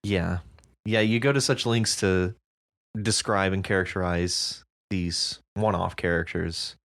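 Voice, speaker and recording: Very deep-voiced woman, unhurried podcast co-host. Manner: relaxed and easygoing, laughs heartily, drawn-out reflective remarks. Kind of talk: casual chat about submitted stories.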